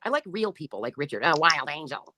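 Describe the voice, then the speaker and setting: Fast, lively, taunting woman host. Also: deep voice, slight background noise. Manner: taunting, mocking, profane; reads out and answers chat comments. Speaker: livestream host. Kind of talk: commentary on livestream chat.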